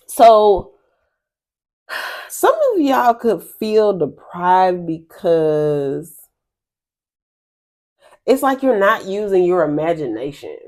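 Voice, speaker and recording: A woman's voice: fairly low pitch, a little mellow. A woman giving a casual spiritual reading to her viewers, rambling and chatty, laughing often and calling them y'all. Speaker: spiritual reader.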